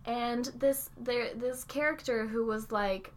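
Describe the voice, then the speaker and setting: A woman co-hosting a podcast in casual chat, talking with emphatic, animated energy. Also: on the high side, slow. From Southern United States. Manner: animated, talks with her hands, emphatic. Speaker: podcast co-host. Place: library.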